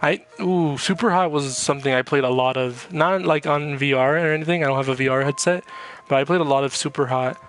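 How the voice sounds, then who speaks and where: A man's voice: on the high side, fairly quick. A young man vlogging in a casual, rambling way, swearing often and laughing at himself as he reads chat. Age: young adult. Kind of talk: casual chat reacting to chat messages.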